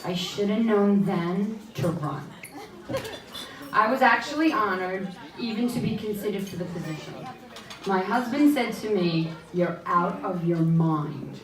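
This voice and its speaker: A middle-aged woman at mid pitch gives a banquet speech in a chatty, self-deprecating way. Her voice rings through an echoing hall and is picked up from a distance. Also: unhurried, crowd noise. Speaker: board member giving a speech. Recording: echoey hall from far off.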